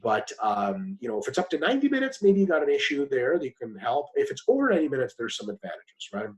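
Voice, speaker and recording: A man's voice: huge pitch swings, a little mellow, poor audio. A man answering interview questions bluntly and emphatically, swearing casually as he explains. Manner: fast with sudden pitch jumps. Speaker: guest expert.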